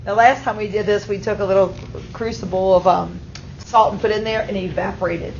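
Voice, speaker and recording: A woman's voice: medium pitch, fairly even intonation, a little fast, a little mellow, a little hiss or hum. Woman teacher lecturing a chemistry class. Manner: explains step by step, checks in with "okay?". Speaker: high school chemistry teacher. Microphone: auto-tracking camera mic. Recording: slightly muffled classroom recording.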